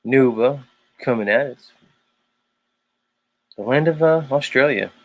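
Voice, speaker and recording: A man hosting a live stream, ranting in a heated, profane way and then talking himself calm. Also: medium pitch, takes it slowly. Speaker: livestream host. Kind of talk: casual live-stream rant.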